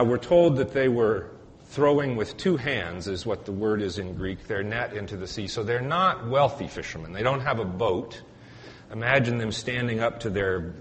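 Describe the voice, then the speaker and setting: Male priest preaching in an echoey church. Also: on the low side. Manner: relaxed storytelling with fillers and dry humor. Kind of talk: conversational sermon. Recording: echoey church hall, faint hiss.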